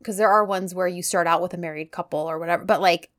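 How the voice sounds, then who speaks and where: A woman's voice: lowish voice, steady tone, fast talker, a bit bright. A woman co-hosting a casual podcast, rambling through her thoughts with many "like"s and "um"s. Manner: rambling, full of "like" and "um". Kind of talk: casual chat recapping a TV drama.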